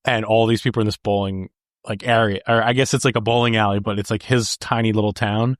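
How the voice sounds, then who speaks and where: A young man with a low-set voice chats casually on a podcast, laughing often as he retells scenes. He says "like" and "dude" constantly, and the sound is dry and close. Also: quick pace, no echo. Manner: laughs often, animated, quotes movie lines. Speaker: podcast co-host. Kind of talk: casual movie chat.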